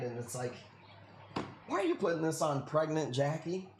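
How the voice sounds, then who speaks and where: A man's voice: a little high, wildly swooping pitch, moderate pace, background noise. A man hosting a live coral sale stream, chatting casually with viewers in a joking, profane way. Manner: joking, profane, talks to chat.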